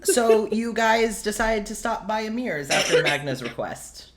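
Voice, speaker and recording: A woman narrating as game master in a tabletop game, relaxed and meandering. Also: mid-range voice, a little slow, over a noisy crowd.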